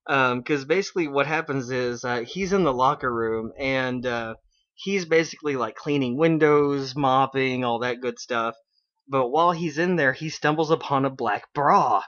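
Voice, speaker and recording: A man with a somewhat high voice chats loosely through a dull, lo-fi stream. He rambles on with plenty of fillers and restarts, breaking into quoted lines as he goes. It comes across as a casual internet radio broadcast. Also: a bit bright. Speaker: radio show host. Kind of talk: casual chat recapping an anime episode.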